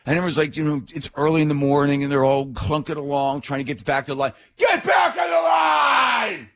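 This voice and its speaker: A middle-aged man hosting a talk radio show, telling a story in an animated, indignant rant. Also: medium pitch, fast, some chatter behind. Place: radio studio.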